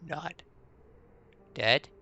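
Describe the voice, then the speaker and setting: A man voicing a small, scraggly, nervous goblin who speaks in halting, broken phrases in a hushed, shaky voice. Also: lo-fi sound, exaggerated voice. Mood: frightened. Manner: halting broken speech, stammering short phrases.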